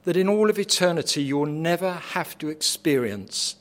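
A man with a high voice delivers a sermon. His delivery is dramatic, moving from quiet, hushed phrases to loud, forceful ones. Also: expressive, moderate pace, hardly any pauses. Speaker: preacher.

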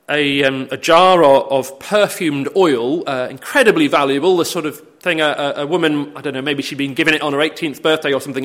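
A man's voice: on the high side, a bit bright. A man preaching a sermon, explaining a Bible passage as a story, with frequent hesitant fillers.

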